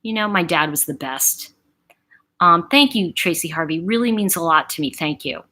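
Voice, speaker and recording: A woman's voice: lowish voice, animated, normal speed, sharp tone. A woman hosting a casual livestream, who chats with lots of fillers and laughs often while telling stories. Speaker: livestream host.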